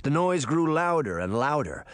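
A man narrates a storybook with lively, animated pitch. His voice sits slightly high for a man. The recording is close and dry. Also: normal speed, no room sound. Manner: animated, expressive.

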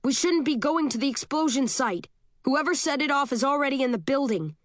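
A woman's voice: mid-range voice, very animated, slow pace, pushed and bright, no room sound, studio quality, exaggerated voice. A woman voicing a frantic young man who urges others on in a raised voice, reading an audiobook. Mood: urgent. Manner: urgent, raised voice.

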